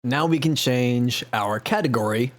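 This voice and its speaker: A man's voice: medium pitch, measured pace. A man chatting casually on a live game stream, rambling and self-mocking with frequent laughs.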